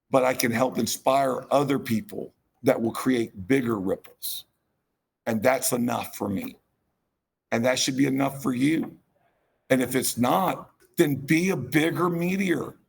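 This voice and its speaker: Gravelly raspy guy giving a fired-up rambling keynote, self-deprecating. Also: medium pitch. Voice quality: gravelly, husky. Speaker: keynote speaker. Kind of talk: conference keynote talk.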